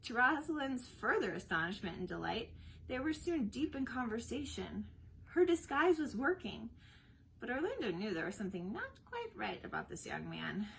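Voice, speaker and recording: A woman reading a story aloud in an expressive storybook manner. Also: a little high, normal speed, vocal fry, slight background noise, poor audio.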